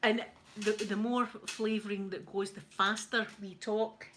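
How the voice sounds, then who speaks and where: Scottish woman, mid-range voice, chatty and quick to laugh, light hiss in the background. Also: mid-range voice, level tone, fairly bright tone, low-quality recording. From Scotland. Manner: chatty, giggly, laughs often. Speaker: live-stream host. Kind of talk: casual chat while ironing.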